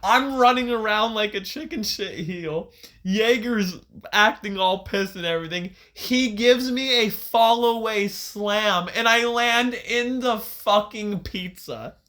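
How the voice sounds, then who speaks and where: A young man recounts a story on a casual podcast. He is animated and profane and laughs often. His tone is bright and forceful, pitched a little high. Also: takes it slowly. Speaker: podcast co-host. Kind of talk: casual chat, retelling a match.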